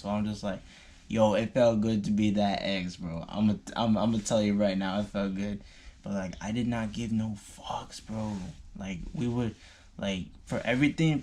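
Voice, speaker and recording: With a fairly low, darkish voice, a young vlogger swears and fills his casual storytime with slang and verbal fillers while telling a personal tale. There's slight background noise.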